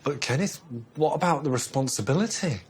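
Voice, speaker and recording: An actor playing a prim, excitable male salon partner who is quick to exclaim. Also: on the high side, breathy edge. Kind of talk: sitcom acting.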